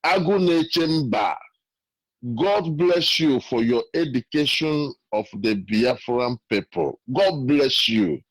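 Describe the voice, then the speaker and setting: A man's voice: medium pitch, no room sound, low-quality recording. Earnest Nigerian-accented male caller. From Nigeria (Imo State). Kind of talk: call-in testimony, storytelling. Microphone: phone call.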